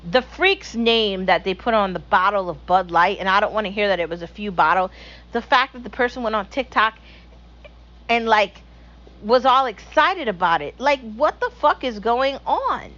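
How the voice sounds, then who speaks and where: A woman's voice: mid-range voice, animated, moderate pace, fairly bright tone, lo-fi sound. A young woman hosting her own show, ranting bluntly and profanely in a casual opinion monologue. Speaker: podcast host.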